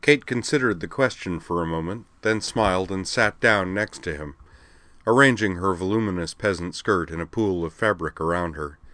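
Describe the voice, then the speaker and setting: A man with a very low, deep voice narrates a story. His reading is steady and even. The recording is dry and close. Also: no echo. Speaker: audiobook narrator. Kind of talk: scripted narration.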